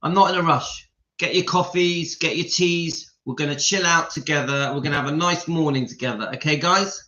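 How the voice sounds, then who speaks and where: A man's voice: a little high, moderate pace, bright, forceful tone, reverberant, highs cut off. A middle-aged man hosting a casual live stream, chatty and openly emotional as he talks straight to his viewers.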